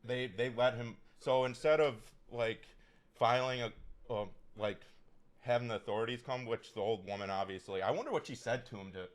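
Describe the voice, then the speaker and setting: A man's voice: medium pitch, normal speed. A man co-hosting a podcast, telling stories in casual chat, rambling and hesitant with many fillers. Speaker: podcast co-host.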